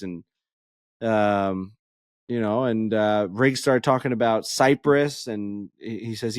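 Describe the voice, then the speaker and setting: A man co-hosting a podcast, telling a story in casual chat, animated and profane, acting out the people he quotes. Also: fairly low pitch, a little slow, no room sound, clean studio sound. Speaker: podcast co-host.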